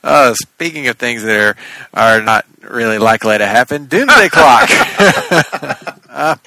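A man co-hosts a casual podcast about comics, talking in long, animated, rambling runs with plenty of fillers. His voice is bright and forward, and the sound is close and dry, with no room around it. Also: lowish voice, moderate pace, dry recording, low-quality recording. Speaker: podcast co-host.

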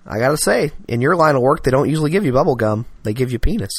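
A man's voice: mid-range voice, expressive, racing, husky, dry recording. A man co-hosting a casual podcast, with dry, sarcastic ribbing. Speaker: podcast co-host. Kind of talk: casual comedic podcast chat.

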